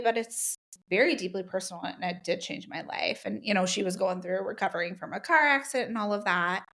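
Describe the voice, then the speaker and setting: This is a middle-aged woman on a podcast, sharing her experiences in an easy, conversational way. Her voice sits in a middle register, and she brings her stories to life by jumping up in pitch when she quotes what people said. She fills the gaps with "um" and "like.". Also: brisk, vocal fry. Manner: animated, acts out quoted dialogue with pitch jumps; many fillers like "um" and "like". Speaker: guest, Reiki practitioner. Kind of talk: casual conversational storytelling.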